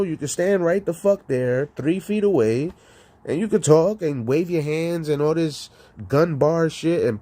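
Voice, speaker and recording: A man talking casually on his live stream, rambling and profane, laughing between lines and swinging from loud outbursts to low mutters. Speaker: streamer and rapper.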